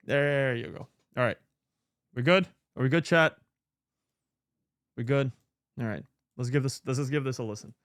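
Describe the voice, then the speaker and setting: A man's voice: mid-range voice, moderate pace, pauses often, a bit bright, no room sound, clean studio sound. A man hosting a live stream, talking casually and in a scattered, muttering way while sorting files, swearing freely now and then. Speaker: streamer host.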